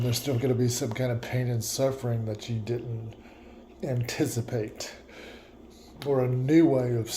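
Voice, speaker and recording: A man's voice: mid-range voice, mellow, a little hiss or hum. A man vlogging a reflective personal monologue, musing and repeating himself, with laughs at his own words.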